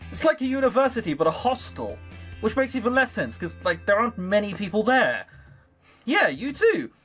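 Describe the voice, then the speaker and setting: A man's voice: high voice, big pitch swings, brisk, a bit bright, soft background music. A man reading a visual novel aloud for a video, with wry, sarcastic asides of his own. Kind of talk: reading aloud with joking commentary.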